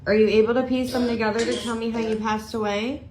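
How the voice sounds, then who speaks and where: A woman on a ghost hunt, gently asking a spirit questions. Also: fairly high pitch, flat delivery, fast talker. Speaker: ghost hunter. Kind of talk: calling out to a spirit. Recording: echoey room with loud noise.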